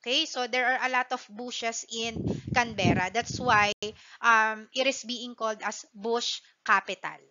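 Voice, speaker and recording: Casting note: Filipino woman teacher with a fairly high, bright voice, lecturing online and code-switching. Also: fairly even intonation, measured pace, highs cut off, slight background noise. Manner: mixes Tagalog and English, checks in with "okay?" often.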